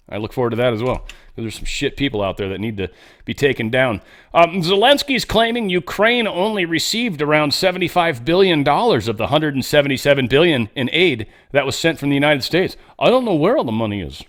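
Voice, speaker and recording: A man's voice: medium pitch, fairly bright tone. A man hosting casual political commentary, blunt and rambling, with swearing and off-the-cuff asides. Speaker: host.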